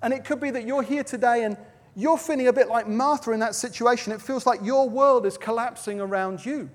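A man's voice: very high voice, fairly quick. A man preaching a sermon at a baptism service, telling Bible stories dramatically. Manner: storytelling, dramatic quoting with shifts in loudness. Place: large venue with a platform. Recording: long reverb of a large hall.

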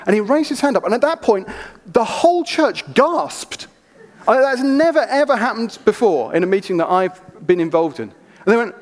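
A man preaching a sermon, telling stories in an animated, chatty way with asides. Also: extremely high pitch, brisk. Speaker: pastor. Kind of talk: sermon with storytelling. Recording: reverberant church hall.

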